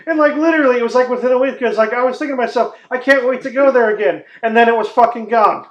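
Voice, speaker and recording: A man from Texas co-hosting a podcast in casual, profane chat, loud and quick to laugh, ranting in put-on voices. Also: extremely high pitch, highs cut off. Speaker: podcast co-host. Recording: roomy echo.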